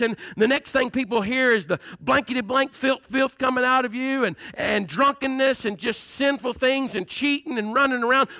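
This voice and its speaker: A man's voice: very high voice, bright, forceful tone, no echo. A man preaching a fervent sermon as pastor, firing rhetorical questions at his congregation.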